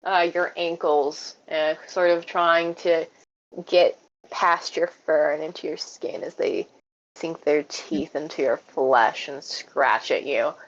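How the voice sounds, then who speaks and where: A woman running a tabletop game as game master, narrating the scene in an unhurried way with fillers. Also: sits low, a little hiss or hum. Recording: dull lo-fi mic.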